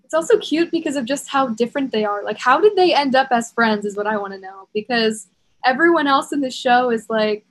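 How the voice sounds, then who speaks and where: A young woman with a slightly high voice co-hosts a podcast. She talks in a loose, chatty way, full of "um" and "like". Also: expressive, a little fast, low-quality recording. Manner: chatty, uses fillers and "like". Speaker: podcast co-host. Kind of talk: casual chat.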